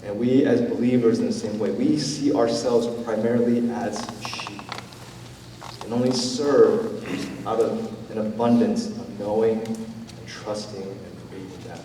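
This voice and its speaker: A man preaches in a relaxed, conversational way, his low, warm voice gentle rather than forceful. He sounds set back from the microphone. A long church-hall reverb trails each phrase. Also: unhurried, slight background noise. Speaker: pastor. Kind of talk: sermon. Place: church sanctuary. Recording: roomy church hall, from a distance.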